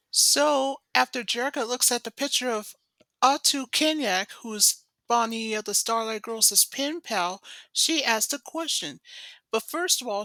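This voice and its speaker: A woman talks through an episode recap in a loose, rambling way, stringing events together with "so" and "of course". Her voice is bright and a little high. It sits close and dry on the mic. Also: no room sound, poor audio. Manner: rambling, chatty retelling full of "so" and "of course". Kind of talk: casual episode recap narration.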